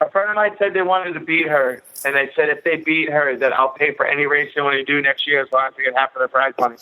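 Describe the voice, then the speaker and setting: A man's voice: fairly high pitch, steady tone, fast talker, pushed and bright. A man calling into a podcast, chatting casually, often repeating himself and laughing. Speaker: caller. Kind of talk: casual call-in chat. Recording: tinny phone line.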